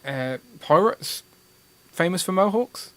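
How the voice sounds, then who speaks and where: A man's voice: high voice, lively intonation, slow, fairly bright tone. A man hosting a casual live stream about toys, joking and reading out viewer comments. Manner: jokey, reads out viewer comments. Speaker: livestream host.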